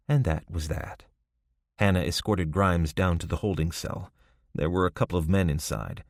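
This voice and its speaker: A man narrating a crime novel audiobook in a measured, scripted style. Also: low voice, no room sound, studio quality.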